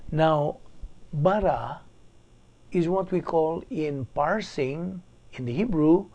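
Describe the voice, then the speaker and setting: A man's voice: on the high side, warm tone. A man teaching a doctrinal Bible study as an evangelist, explaining grammar methodically, step by step.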